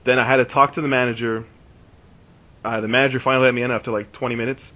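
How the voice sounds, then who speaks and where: A man's voice: mid-range voice, level tone, fast, pushed and bright. A man in his twenties telling a long story on a podcast, rambling and restarting, full of "like". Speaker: podcast host. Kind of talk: casual storytelling. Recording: dull lo-fi podcast recording.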